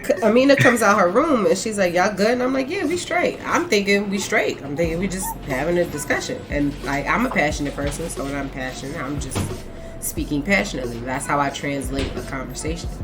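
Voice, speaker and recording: A woman co-hosting a casual chat, telling a story in an animated, emphatic way that swings between loud and soft. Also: deep voice, brisk. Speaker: podcast co-host; teacher.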